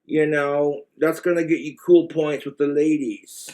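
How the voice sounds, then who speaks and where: A man's voice: fairly high pitch, steady tone, measured pace, darkish tone. A man with an American accent giving blunt, crude, rambling relationship advice in a casual monologue to the camera.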